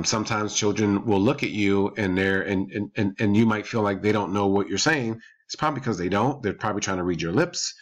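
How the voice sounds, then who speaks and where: Low-voiced man coaching parents calmly. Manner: calm, explanatory, repeats points. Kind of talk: advice podcast talk.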